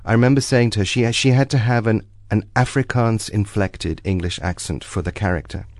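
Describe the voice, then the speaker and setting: Man, film director guest, very low voice, dry studio sound, anecdotal, hesitant restarts. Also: a little fast, darkish tone, no echo. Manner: reflective, anecdotal, with frequent ums and restarts. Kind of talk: casual radio interview. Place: radio studio. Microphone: studio microphone.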